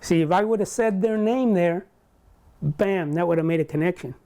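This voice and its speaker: Older man, mellow halting storyteller. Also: high voice. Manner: halting, with many restarts and quoted dialogue. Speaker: interviewee. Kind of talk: recounting a personal story in an interview.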